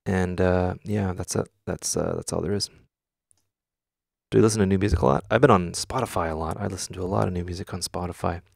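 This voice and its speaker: He talks fast in a low, gravelly voice with fairly even intonation and no echo. The man is a music producer streamer hosting a laid-back live stream from his home studio, where he speaks bluntly, swears often and takes questions from chat.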